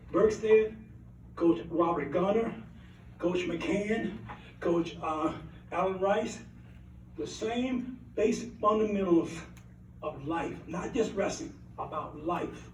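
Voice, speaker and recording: Older guy, high voice, earnest rambly award speech, mic far off in an echoey hall. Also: slight background noise. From Alabama, USA. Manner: rambling, anecdotal, earnest, repeats phrases for emphasis. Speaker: award recipient giving acceptance speech. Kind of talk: heartfelt acceptance speech. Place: banquet hall at an awards event. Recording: roomy hall, mic at a distance.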